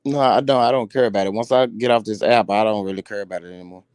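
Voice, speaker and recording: A man's voice: fairly low pitch, steady tone, fast, a little mellow, smooth, no room sound, clean studio sound. A man guest on a live stream, giving brief, dismissive answers. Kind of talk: casual live-stream chat.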